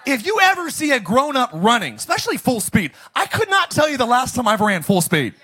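A man preaching a jokey, energetic Easter sermon as pastor, often bursting into shouts. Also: fast, husky. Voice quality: high, bright, animated preaching voice.

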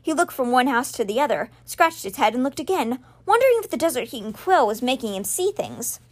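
A woman hosting a podcast, reading a children's novel aloud with expressive storytelling. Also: high voice, a little fast. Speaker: podcast reader.

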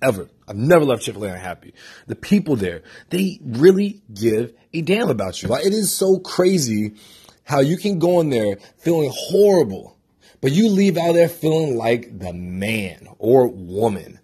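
A young man with a slightly husky voice rambles excitedly to his camera. He often leaps up in pitch to hammer home a point, then drops back to relaxed chatter. He is still getting over a headache. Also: moderate pace. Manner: excitable, emphatic, swings to high animated peaks. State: recovering from a headache. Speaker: vlogger. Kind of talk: casual vlog monologue.

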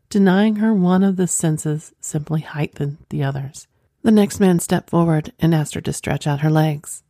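A woman narrating an erotic story in a soft, sensual manner. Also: sits low, vocal fry, dry recording, studio quality.

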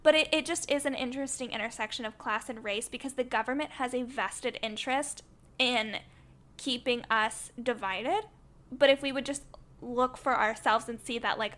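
A woman with a fairly high voice co-hosts a podcast in loose, casual discussion. She argues her points earnestly and with conviction, dropping "like" and "um" as she goes. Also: fairly quick, a bit bright. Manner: opinionated, earnest, frequent "like" fillers. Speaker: podcast co-host.

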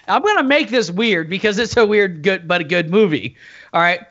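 A man co-hosting a casual movie discussion, retelling scenes in a rambling, animated way with many restarts. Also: high-pitched, normal speed. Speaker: podcast co-host. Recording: dull lo-fi sound.

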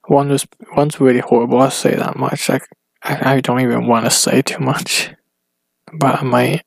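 A man rambles through his solo podcast from home in a gravelly voice that sits in an ordinary mid range. He stops and restarts his sentences often and fills the gaps. The sound is close and dry, with no room echo. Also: mid-range voice, flat delivery. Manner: hesitant, halting, full of restarts and fillers. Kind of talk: rambling casual monologue.

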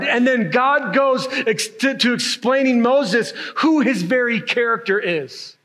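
Pastor, man, high-pitched voice, animated emphatic sermon delivery, keeps tagging lines with a question. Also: measured pace, few pauses. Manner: animated, emphatic preaching with frequent "right?" tags.

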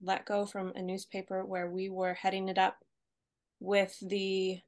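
A woman co-hosting a podcast, telling her story in a relaxed way and laughing easily. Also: medium pitch, measured pace. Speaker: podcast co-host. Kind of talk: casual podcast chat.

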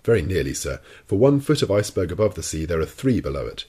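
Brief: a man doing a proud sea captain for an audiobook, low gravelly rasp, ironic and coldly sure of himself. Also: big pitch swings, fast talker, mellow, exaggerated voice. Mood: assured. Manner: ironic and cold, unshakably confident. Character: cool, proud, commanding male sea captain. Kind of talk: audiobook character reading.

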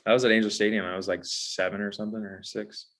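A man's voice: lowish voice, level tone, fast, fairly bright tone. A man from Southern California, a songwriter guest, talking easygoing with many fillers. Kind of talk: casual interview chat.

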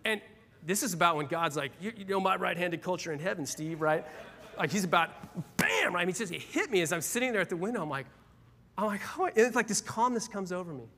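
A man's voice: high-pitched, animated, fast, bright, forceful tone. A middle-aged man, a pastor, telling a personal story in a conversational sermon, with frequent asides to the congregation. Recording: long hall reverb.

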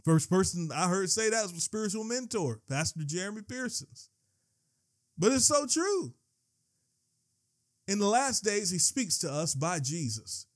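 A man preaching a sermon in a high voice. He moves between quiet scripture reading and excited yelling. When he gets worked up, he stumbles and repeats words. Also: measured pace, long pauses. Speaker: pastor.

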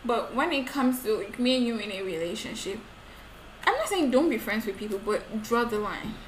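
A young woman in her twenties chatting expressively, often with a laugh close by. Her voice sits a little high. The room is echoey, with a faint hiss behind her. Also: moderate pace. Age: 20s. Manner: expressive, laughs easily, uses examples. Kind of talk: casual chat.

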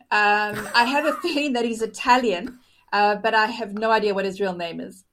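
A woman's voice: medium pitch, moderate pace, a bit bright, slight background noise. A woman guest on a podcast, talking thoughtfully and with enthusiasm, using many fillers. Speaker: futurist guest. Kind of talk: conversational interview.

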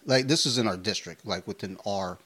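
A man in his thirties co-hosting a podcast, telling stories in a casual, profane, animated way. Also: fairly low pitch, fairly quick. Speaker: podcast co-host. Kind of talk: casual chat.

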